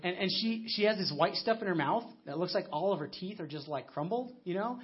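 Preaching a conversational sermon full of stories and restarts, a US pastor in his thirties speaks with a high-pitched, husky, expressive voice, a little fast. The recording is muffled and lo-fi.

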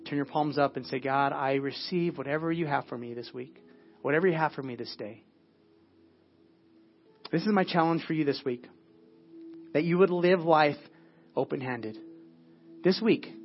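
A man preaching a sermon at a church service in an earnest way, often dropping to a hushed, prayerful tone. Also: fairly high pitch, muffled recording. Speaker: pastor.

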